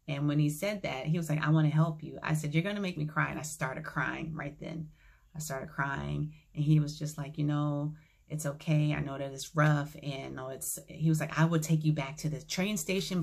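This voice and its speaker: A woman vlogger casually telling a personal story to her viewers, acting out the dialogue in a calm, reflective way. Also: sits low, creaky.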